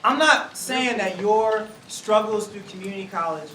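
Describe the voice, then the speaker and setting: A man talks to a room of college students in a loud, slangy, preacher-like way, acting out other people's voices. His voice sits high and bright. It sounds distant and echoey, with faint room ambience. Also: normal speed, slight background noise. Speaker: speaker to students. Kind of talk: energetic talk to college students. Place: large room with audience.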